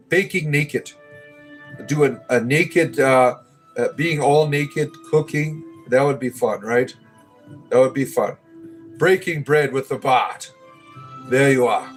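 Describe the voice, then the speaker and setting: A middle-aged man hosting a casual livestream, rambling and chatting with viewers as he answers their comments. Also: on the high side. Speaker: livestream host.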